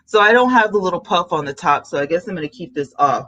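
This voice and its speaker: A woman hosting a podcast, chatting casually with her viewers in a soft, low-key voice while she snacks at her home desk. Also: lively intonation, fast talker, few pauses, highs cut off. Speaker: podcast host. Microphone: new desk mic.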